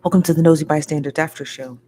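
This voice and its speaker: A woman with a deep, warm voice talks fast in a steady tone. She's hosting a casual after-show livestream, chatty and a bit tired, greeting viewers, laughing, and reading their comments out loud.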